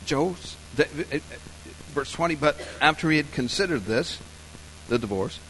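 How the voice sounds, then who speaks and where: A man preaching a sermon, telling a story softly and slowly, then building to loud, emphatic points. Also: fairly high pitch, lively intonation, slight background noise, low-quality recording. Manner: storytelling, soft and slow in scenes, rising loud and emphatic for points. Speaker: pastor.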